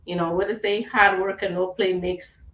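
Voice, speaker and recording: A woman's voice: mid-range voice, level tone, normal speed, fairly bright tone, far from the mic. Woman radio host, upbeat, motivational, a bit under the weather, roomy sound. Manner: upbeat, motivational, laughs easily. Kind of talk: casual radio chat.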